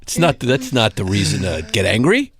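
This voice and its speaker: A podcast host chatting casually and throwing in dry joking remarks. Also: male voice, normal speed, breathy edge. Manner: dry joking interjections, lively pitch. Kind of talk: casual chat. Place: New York.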